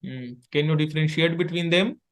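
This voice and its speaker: A man teaching letters in an online lesson, patiently repeating sounds in halting English. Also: fairly high pitch, clear, resonant tone. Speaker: Arabic tutor. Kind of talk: one-on-one online language lesson.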